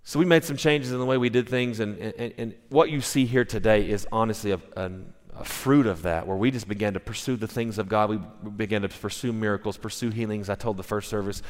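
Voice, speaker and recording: A man's voice: lowish voice, brisk, hardly any pauses. Man preaching in a reverberant church hall. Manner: conversational, animated, with restarts and acted-out quotes. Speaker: pastor. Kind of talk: sermon storytelling. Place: church sanctuary. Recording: long reverb in a large hall.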